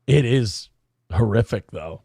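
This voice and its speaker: A man's voice: lowish voice, animated, slow pace, vocal fry, mellow, slightly rough, no room sound, clean studio sound. A man hosting a talk radio show, mocking and lecturing in banter. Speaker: radio show host in a played clip.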